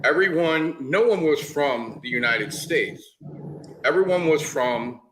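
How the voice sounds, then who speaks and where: A man holds forth in a casual online chat, his voice bright and a touch high for a man. He rants in halting bursts, stopping and restarting his sentences, over a faint hiss of background noise. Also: lively intonation, low-quality recording. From New York, the Bronx.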